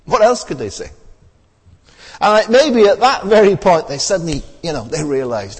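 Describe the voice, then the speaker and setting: A man preaches to his congregation in a chatty, questioning way, leaning on tag questions and little fillers. His voice rises and falls a lot and has a slightly husky edge. The sound carries a long reverb from a large hall. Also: high voice, animated, moderate pace. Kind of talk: sermon.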